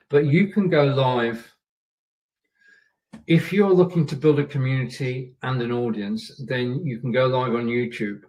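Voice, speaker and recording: A man hosts a live stream and coaches his viewers in a chatty, repetitive way, dropping in "yeah" and "okay" as he goes. His voice sits at an ordinary pitch and sounds a little distant from the microphone. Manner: chatty, repeats points, checks in with "yeah" and "okay". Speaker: live show host. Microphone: camera and microphone.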